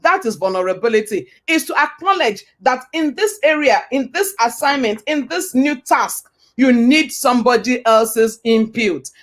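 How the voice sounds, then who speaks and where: A woman with a fairly high voice delivers a motivational talk. She hammers each point home by repeating it and throwing rhetorical questions at the listener. Her delivery has a preacher's cadence. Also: animated, normal speed, few pauses, fairly bright tone. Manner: emphatic and repetitive, with rhetorical questions; preacher-like, quotes scripture. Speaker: motivational speaker.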